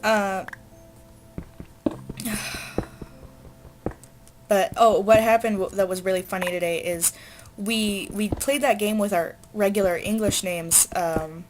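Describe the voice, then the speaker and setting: A woman's voice: mid-range voice, fairly even intonation, slow pace, pauses often, music in the background. A teenage girl chatting casually and rambling while she plays a game, with lots of fillers and asides. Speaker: gamer. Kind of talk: casual let's play chat.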